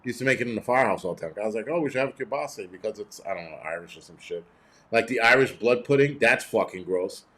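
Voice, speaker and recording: A man's voice: fairly low pitch, lively intonation, fast, a bit bright. A middle-aged man hosting a livestream, reading chat and ranting bluntly with heavy cursing in a cranky, rambling way.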